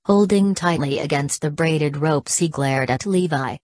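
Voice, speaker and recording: A woman's voice: low-pitched, a little slow, darkish tone, dry recording. A woman narrating an audiobook, reading every punctuation mark aloud. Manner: reads punctuation marks aloud.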